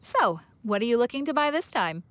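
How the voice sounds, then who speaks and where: A woman's voice: on the high side, big pitch swings, a little fast, dry recording. A woman voicing a chatty, teasing souvenir shopkeeper in a video game. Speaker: game character. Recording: game audio with loud background music.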